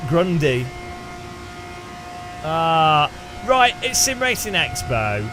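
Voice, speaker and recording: This British man's voice is on the high side and very animated, with a slow pace, long pauses and music in the background. He's sim racing on a live stream, chatting in British English, joking, laughing often and greeting viewers by name.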